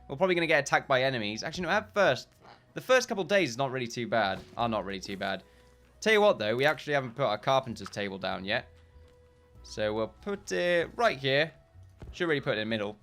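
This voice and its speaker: A man's voice: mid-range voice, pushed and bright. A man giving casual gameplay commentary, rambling and correcting himself often, with short chuckles.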